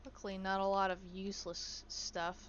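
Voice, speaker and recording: A woman's voice: medium pitch, level tone, normal speed, fairly bright tone, muffled recording, a little hiss or hum. A woman streaming a survival game, chatting casually, swearing freely and cooing at her in-game animals. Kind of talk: casual gameplay commentary.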